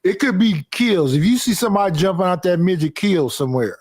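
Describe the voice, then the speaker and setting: A man's voice: sits high, fairly quick, no room sound, studio quality. A man on a podcast panel, telling what he would do and acting out little scenes. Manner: animated, acts out scenes in voices. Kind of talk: casual chat.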